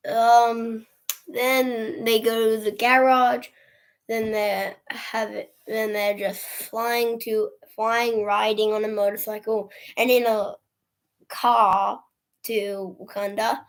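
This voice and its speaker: Woman, livestream movie recap, chatty, laughs a lot, acts out lines, higher voice, unhurried. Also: flat delivery. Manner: chatty, laughs often, acts out characters' lines while retelling scenes. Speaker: movie reviewer.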